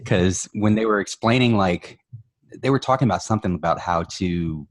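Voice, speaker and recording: A man's voice: deep voice, moderate pace. A man co-hosting a podcast in casual chat, laid-back and wry. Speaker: podcast co-host.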